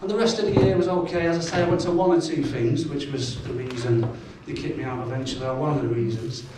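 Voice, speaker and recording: A man's voice: mid-range voice, steady tone, fast, noisy background. A middle-aged man with a Salford accent, telling blunt, self-mocking stories in a live stand-up set in a pub. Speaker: stand-up comedian. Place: pub function room with audience. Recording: echoey pub room, mic from far off.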